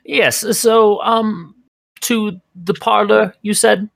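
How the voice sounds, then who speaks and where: A man's voice: high voice, fairly even intonation, slow, gravelly, fairly bright tone, no room sound, studio quality, voice pushed up, exaggerated voice. A man voicing a fussy older woman alchemist with thirty cats, in a prim, haughty, scolding manner.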